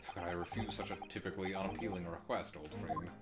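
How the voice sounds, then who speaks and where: A man voicing a dry, exasperated young lawyer, reading game dialogue in a low, sardonic tone. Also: quick pace. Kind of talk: voice acting a game's dialogue. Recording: music playing behind.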